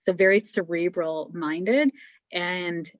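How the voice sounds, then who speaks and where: Soft-spoken woman giving intuitive readings. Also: on the low side, takes it slowly, no echo, muffled recording. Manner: gentle, encouraging, thinks aloud with fillers. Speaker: psychic medium guest.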